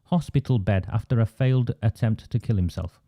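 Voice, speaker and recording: A man with an Oldham accent, hosting an online political show over a video call, talking in an animated, indignant way with many restarts. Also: mid-range voice, a little fast. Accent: Oldham, Northern English. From England. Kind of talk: conversational video call discussion.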